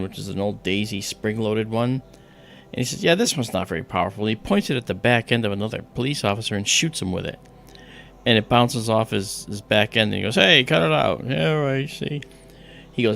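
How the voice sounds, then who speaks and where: A livestream host tells a childhood story in casual chat, acting out the other people's voices as he goes. His voice is on the low side and creaky, with slight background noise.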